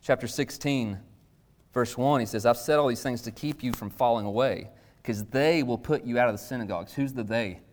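A man, likely in his thirties, preaching a conversational sermon in a casual, animated way with sudden jumps in pitch. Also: brisk. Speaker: pastor.

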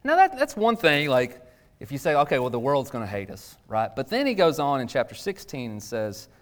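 A man, likely in his thirties, preaching a conversational sermon in a casual, animated way with sudden jumps in pitch. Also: fairly quick. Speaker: pastor.

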